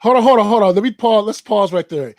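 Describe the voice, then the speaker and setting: High-voiced excited man hosting. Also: no room sound. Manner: enthusiastic, quick to exclaim "that's dope", "wow". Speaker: podcast host. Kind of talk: casual interview chat.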